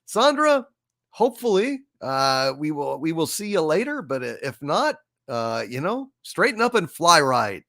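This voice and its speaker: A man hosting a casual livestream and reading viewer messages aloud, jokey and animated, with sudden loud greetings and playful teasing. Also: slow, no echo, studio quality. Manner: animated, jokey, shouting greetings with big pitch jumps. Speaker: livestream host. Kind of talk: casual livestream chat reading super chats.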